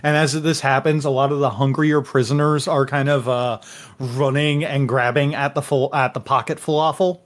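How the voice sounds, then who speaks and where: A man narrating a tabletop game as game master, speaking in a halting way with many pauses and fillers. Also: mid-range voice, flat delivery. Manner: slow, halting, many uhs.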